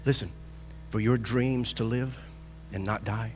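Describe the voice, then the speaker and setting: A pastor preaching a sermon with emphatic delivery. He swings between loud, high bursts and soft, low lines, acts out the voices he quotes, and chuckles often. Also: fairly even intonation, slow pace, long pauses, noisy background.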